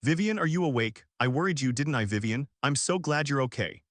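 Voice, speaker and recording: An anxious young man, as a male reader plays him in a storybook drama. He speaks urgently and pleads, at a middle pitch. The recording is close and dry. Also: animated, brisk, a bit bright, dry recording, close to an everyday voice.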